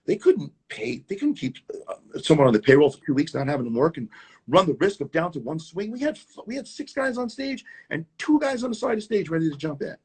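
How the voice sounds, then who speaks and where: A man with a New York accent, a tap dancer telling stories in a casual interview, animated and repeating words as he goes, on a video call. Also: on the high side, a little fast, breathy edge.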